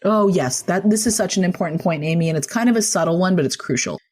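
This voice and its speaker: Woman guest expert, slightly low voice, warm reassuring talk, conversational podcast interview. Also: lively intonation, fast talker. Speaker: guest author and clinical social worker.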